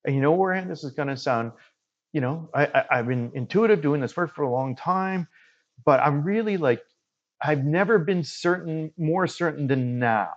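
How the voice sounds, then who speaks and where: A man from Canada, a guest medium, telling a story in casual conversation and acting out the dialogue with lively quoted voices. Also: on the high side, normal speed, highs cut off. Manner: animated storyteller who acts out quoted dialogue.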